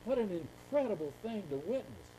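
A man's voice: sits high, big pitch swings, a little fast, warm tone, slight background noise, rough recording. An older man speaking at a conference, telling rambling folksy stories to a live audience. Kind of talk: storytelling talk to a live audience.

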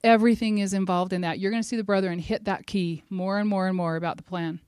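A woman's voice: medium pitch, fairly even intonation, quick pace, smooth, dry recording. Middle-aged woman preaching at church, earnest, pushes hard on the big points, dry close sound. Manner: earnest and emphatic, rising to forceful exhortation. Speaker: speaker at a church gathering. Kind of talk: devotional talk.

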